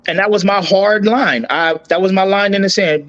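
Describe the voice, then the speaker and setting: Guy on a podcast telling a rough story, choked up, keeps restarting, slightly high voice, muffled lo-fi sound. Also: a bit bright. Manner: halting, with many restarts and repeated words. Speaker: guest. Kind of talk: emotional personal story.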